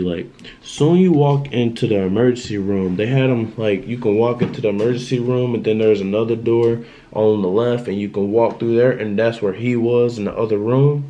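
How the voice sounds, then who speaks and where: A young man tells a personal story on his vlog, his mid-range, dark-toned voice carried on poor audio with a little hiss or hum. His monologue is loose and casual, circling back on itself and repeating, and he keeps asking "you know what I'm saying."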